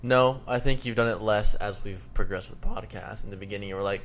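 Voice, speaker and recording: A man's voice: lowish voice, fast talker, fairly bright tone, slight background noise. A man co-hosting a podcast in casual chat, teasing and swearing, laughing often. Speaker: podcast co-host.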